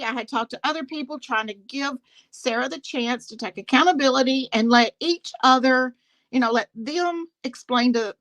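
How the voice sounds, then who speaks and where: A woman's voice: high-pitched, sharp tone, no echo, low-quality recording. A woman on a live talk panel, telling a story in a casual, indignant rant and laughing often as she talks to the host.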